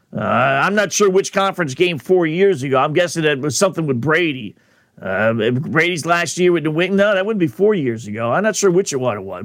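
A male sports radio host rants bluntly in a fairly high voice, stumbling over repeated words and filling pauses with "uh." He sounds close and dry, with no room around him. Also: fairly bright tone, no echo. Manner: blunt and emphatic, full of "uh" fillers and repeated words. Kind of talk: opinionated radio talk.

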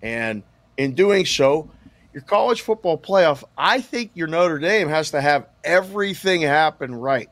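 Casual, halting male guest, dry close mic. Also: on the high side, animated, a bit bright, dry recording. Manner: casual, halting, with restarts and fillers. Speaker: sportsbook guest analyst. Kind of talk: sports talk radio.

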